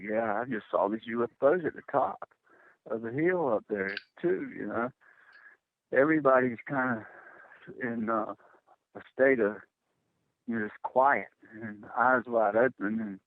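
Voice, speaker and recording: A middle-aged man telling a personal story as a radio guest, halting and repeating words when it gets tense. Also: medium pitch, no room sound. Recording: tinny phone line, dry.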